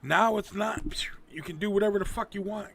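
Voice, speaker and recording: Gravelly, profane livestream host man. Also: high voice, fairly quick, fairly bright tone. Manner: rambling and profane, with frequent restarts. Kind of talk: casual livestream chat.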